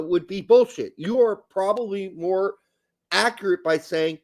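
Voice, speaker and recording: A man's voice: high voice, a little slow. A man hosting a podcast, ranting in a sarcastic, profane, casual chat. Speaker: podcast host.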